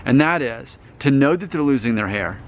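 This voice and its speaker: A man's voice: mid-range voice, expressive, moderate pace, muffled recording. A man in his thirties talks to the camera in a loose, confident way, circling back and repeating himself. His voice sits in the middle range. A faint hum of a vehicle runs under him. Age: 30s. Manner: chatty, self-assured, rambling with restarts. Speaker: vlogger. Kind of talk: casual talking-head vlog.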